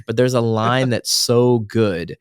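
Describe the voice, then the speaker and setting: A man's voice: medium pitch, takes it slowly, smooth, no echo, studio quality. Earnest man rambling on a faith podcast. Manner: earnest, rambling, self-correcting. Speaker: podcast co-host. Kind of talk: casual faith podcast chat.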